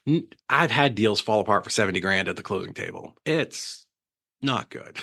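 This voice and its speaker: A man being interviewed on a podcast, talking casually and telling lively stories, acting out what other people said and often checking in with "right?". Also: fairly low pitch, normal speed, vocal fry. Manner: animated storyteller who acts out quotes, says "right?" often. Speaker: guest, transaction coordination business owner.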